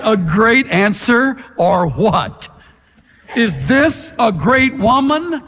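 A man preaching with a lively, swooping pitch that climbs high when he gets worked up. He talks slowly and dramatically and leans on his pauses. His voice rings out with the long reverb of a big hall. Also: husky. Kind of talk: sermon.

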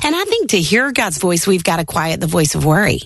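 A woman's voice: lowish voice, big pitch swings, a little fast, fairly bright tone, husky, no room sound, clean studio sound. A woman, an author talking enthusiastically in a faith conversation.

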